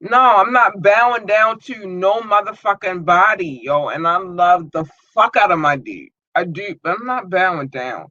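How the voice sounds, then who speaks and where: A woman hosting a live podcast rants bluntly and profanely in a raised, forceful, fired-up voice. Her sound is dry and close, with no room around it, but dull and lo-fi. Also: fairly low pitch, expressive, unhurried, few pauses, no room sound. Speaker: podcast host. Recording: dull lo-fi audio.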